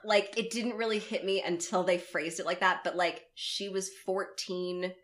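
Low-voiced woman narrating, blunt and sweary. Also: steady tone, moderate pace, a bit bright, a little hiss or hum. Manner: reads the story aloud, breaks in with blunt swearing. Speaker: podcast co-host. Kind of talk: narrating a true story in casual chat.

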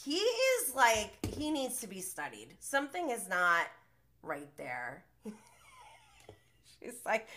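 A woman hosting a casual podcast, recapping a reality show in a gossipy, animated way and acting out quotes. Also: slow. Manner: animated, gossipy, acts out quotes with big pitch jumps, laughs often.

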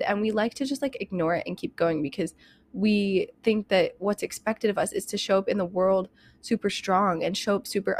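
A young woman hosting a self-help podcast, talking fast and candidly with lots of "like" and "you know", a bit out of breath. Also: mid-range voice. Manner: rapid, chatty, heavy use of "like" and "you know", candid and emphatic. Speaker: podcast host.

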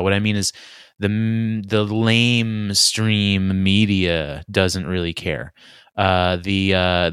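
A man's voice: on the low side, a bit bright, smooth, no echo, studio quality. A young man ranting casually and sardonically, swearing a lot as he rambles on. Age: young adult. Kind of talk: casual solo rant.

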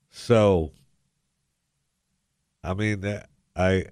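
A man's voice: low voice, steady tone, extremely slow, pauses often, darkish tone, no room sound, clean studio sound. A man hosting a talk radio show into a headset mic, talking in a put-on folksy drawl with a joking, sarcastic manner. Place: radio studio. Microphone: headset microphone.

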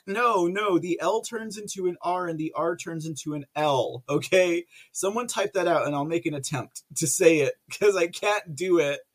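A man's voice: sits high, animated, moderate pace. A man hosting a political livestream, chatting casually and rambling through viewer comments with lots of fillers and frequent laughter.

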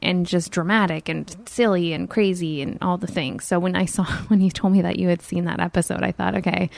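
A young woman chatting casually as a podcast co-host, animated and quick to laugh. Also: lowish voice, vocal fry, dry recording. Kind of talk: casual chat. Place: home, recorded remotely.

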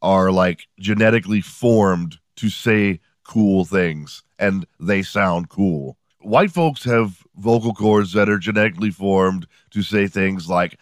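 A man in his forties hosts a podcast with rambling, profane comedic stories and a sardonic edge. His voice sits on the low side. The sound is dry and close. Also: slow, hardly any pauses, no room sound. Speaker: podcast host. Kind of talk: comedic storytelling monologue.

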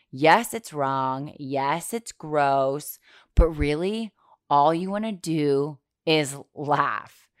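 A woman's voice: low voice, no echo, studio quality. A woman in her thirties hosting a podcast in casual chat, chatty and self-deprecating, swearing casually. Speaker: podcast host.

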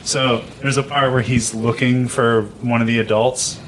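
A man's voice: medium pitch, moderate pace, slight background noise. A man casually telling a funny childhood story, acting out voices and laughing as he goes. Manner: animated, acts out voices, laughs often.

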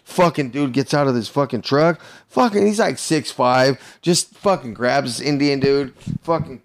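A man casually telling a story on a podcast, swearing constantly and acting out the quotes loudly. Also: medium pitch, moderate pace. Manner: profane, laid-back storyteller with loud acted-out quotes.

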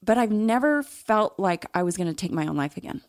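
A woman's voice: medium pitch, lively intonation, brisk, a little mellow, dry recording, clean studio sound. A middle-aged woman, an interview guest, telling her personal story in a candid, reflective way with occasional laughs.

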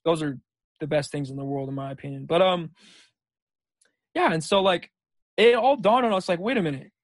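A man's voice: a little high, no echo. A young man, a junior college football player, chatting casually as a podcast guest and telling rambling stories full of "dude" and "like". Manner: laid-back, rambling storyteller saying "dude" and "like". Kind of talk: casual chat.

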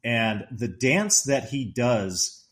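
A man in casual podcast chat, walking through a comedy film scene by scene. He tells it with energy, laughs easily and keeps jumping into the characters' lines. His voice sits at an ordinary middle pitch. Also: drawn-out words. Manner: animated retelling, quotes the characters in a raised voice; laughs often while talking. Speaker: podcast co-host discussing a movie.

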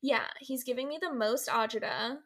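Woman podcast host, slightly high voice, bubbly and laugh-prone, chatty storyteller. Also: moderate pace, a bit bright. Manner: bubbly, laughs often, playful teacher act. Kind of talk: casual storytelling chat.

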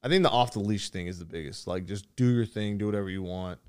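A man's voice: fairly low pitch, fast, a little mellow, smooth. A man co-hosting a casual sports chat, blunt and profane, steering the topics. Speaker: podcast co-host.

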